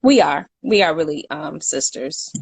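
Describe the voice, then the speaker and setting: A woman's voice: sits low, lively intonation, unhurried, gravelly, husky, no echo. A young woman co-hosting a casual live chat, talkative and laughing, reading out viewer comments. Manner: chatty, laughs often, reads out viewer comments. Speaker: co-host.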